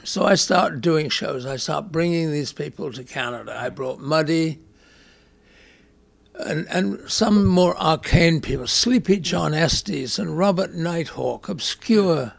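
An English man in his eighties tells his stories as a guest. His voice sits a little high and rasps with a gravelly edge. He acts out the lines of the people he remembers in a wry, anecdotal way. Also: expressive, takes it slowly. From England. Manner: anecdotal, wry, with dramatized quotes. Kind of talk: storytelling in a conversation.

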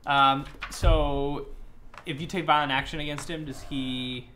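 A man's voice: a little high, steady tone, measured pace, sharp tone, a little hiss or hum. A man narrating as game master of a tabletop game, in casual, filler-heavy narration.

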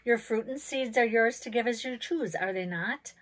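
Fields: Figure: proud, selfish male pond spirit, voiced by a woman. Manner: ranting, rising high and loud when upset. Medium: storybook reading. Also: unhurried, natural voice. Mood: cold.

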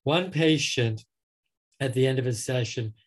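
A man's voice: medium pitch, unhurried, slightly rough. A man, a psychotherapist, explaining his clinical approach through patient stories with dry humor, recorded over a video call. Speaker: psychotherapist guest.

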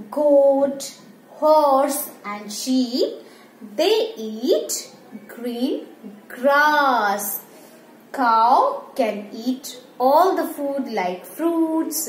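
A woman teacher going over animals with young children, asking questions, answering them herself and imitating animal sounds. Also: sits high. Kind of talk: slow classroom revision for young children. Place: school classroom. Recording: echoey room with faint ambient noise.

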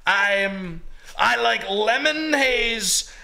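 A brash, boastful stoner man, pitched far above his natural register and loud with swagger, as a man puts him on. He talks in a slow, drawn-out brag. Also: expressive, vocal fry, exaggerated voice. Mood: bragging.

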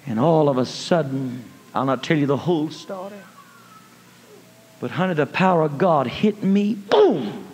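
A man preaching a sermon, telling a story in a folksy manner, calling listeners honey and rising to shouted praise. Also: a little high, sing-song, unhurried, slightly rough. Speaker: evangelist. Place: church. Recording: long reverb of a church hall.

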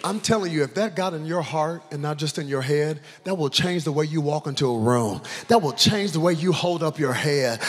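Pastor guy preaching loud, high voice, big echoey church sound. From Texas. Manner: energetic preaching, shouting and call-and-response. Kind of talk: sermon. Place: large church hall. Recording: reverberant church hall.

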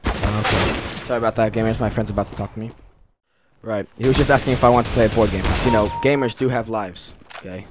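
Excitable swearing gamer over gunfire. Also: male voice, fairly low pitch, quick pace, heavy background noise. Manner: excitable, swears a lot, reacts out loud. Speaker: gaming channel host. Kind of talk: live gameplay commentary. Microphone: desk mic on a stand. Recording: loud gunfire under the voice. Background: shooter game gunfire.

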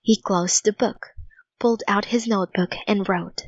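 A woman reading a children's storybook aloud in a clear, even, unhurried way, on a dull lo-fi recording. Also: mid-range voice, no echo. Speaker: narrator.

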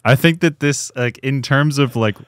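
A man co-hosting a podcast in casual chat, animated and laughing, now and then mimicking characters. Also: mid-range voice, moderate pace, no echo, clean studio sound. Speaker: podcast co-host.

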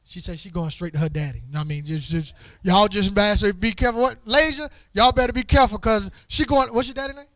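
A man with a high-pitched, slightly bright voice teaches young people at church in a casual, playful way. He stumbles into quick restarts on repeated words and keeps asking the group questions, all on a dry recording.

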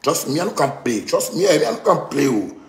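A man's voice: fairly high pitch, big pitch swings, fairly quick, creaky, reverberant. A Ghanaian man in his thirties with a Ghanaian Pidgin English accent, ranting angrily, repeating himself in stammering outbursts. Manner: heated, repetitive, stammering outbursts. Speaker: musician. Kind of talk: angry rant.

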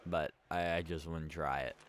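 A man with a very low voice talks through his video game session in a loose, rambling way. He breaks off often to react to what happens on screen. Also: steady tone. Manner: rambling, chatty, quick reactions to play. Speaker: let's play host. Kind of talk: casual video game commentary.

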